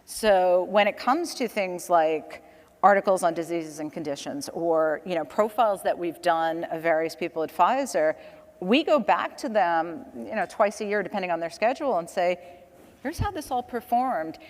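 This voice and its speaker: A woman's voice: lowish voice, normal speed, big-room sound. Chatty woman on a conference panel. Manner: chatty storyteller, laughs between points. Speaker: panel guest, communications director. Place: conference stage.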